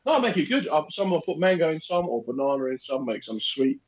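A man's voice: a little high, big pitch swings, quick pace. A man in casual podcast chat, telling jokey stories and mimicking other people. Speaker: podcast co-host. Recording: slightly dull, lo-fi.

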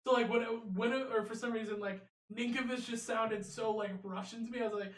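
A young man co-hosting a casual sports podcast, an excitable storyteller who laughs often. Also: very high voice, brisk, reverberant, distant mic. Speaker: podcast co-host.

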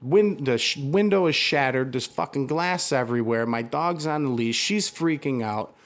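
A man's voice: medium pitch, moderate pace. Heated, profane man telling a story. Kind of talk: casual conversation.

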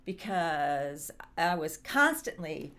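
A woman's voice: sits low, very animated, takes it slowly, pushed and bright. A middle-aged woman co-hosting a casual chat, rambling and full of fillers. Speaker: co-host.

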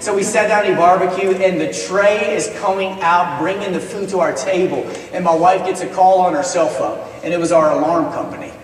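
A man's voice: sits high, fairly quick, few pauses, a little hiss or hum. A male minister preaching a sermon, telling a personal story in a conversational, earnest way with touches of self-deprecating humor. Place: college chapel. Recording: echoey chapel from far off.

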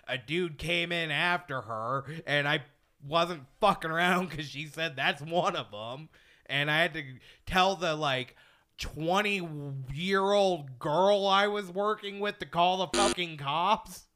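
Man, podcast host, animated, swears, bright and crisp voice, slightly high. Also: unhurried. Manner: animated storyteller, swears freely. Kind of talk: casual podcast chat.

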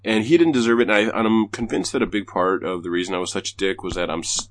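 A man's voice: lowish voice, quick pace. A man hosting a podcast, telling stories in a loose, self-deprecating way with casual swearing. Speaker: podcast host. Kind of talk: casual chat.

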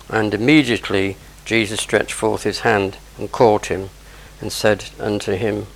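A man's voice: lowish voice, little pitch movement, unhurried, gravelly, poor audio. A man preaching a sermon, explaining scripture verse by verse with conversational asides.

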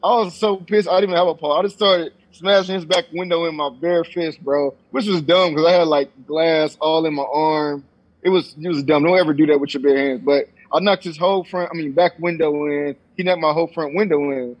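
A young man in casual chat, telling a story in an animated way, acting out quotes and swearing freely, on a dull lo-fi recording. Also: a little high, a little fast, breathy edge. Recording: dull lo-fi sound.

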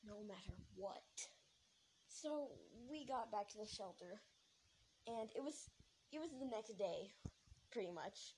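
A woman's voice: mid-range voice, animated, unhurried, pauses often, a little mellow, a little hiss or hum, rough recording. A young woman telling a story casually. She rambles, uses lots of fillers, corrects herself and laughs now and then.

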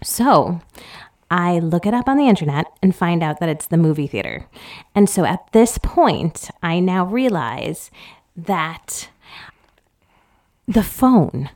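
A young adult woman co-hosting a podcast in casual chat, animated and teasing, laughing often. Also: fairly low pitch, slow pace, dry recording, studio quality. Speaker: podcast co-host.

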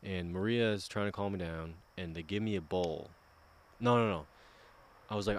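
A man's voice: deep voice, a little fast. A man in casual podcast chat, telling a rambling, profane story.

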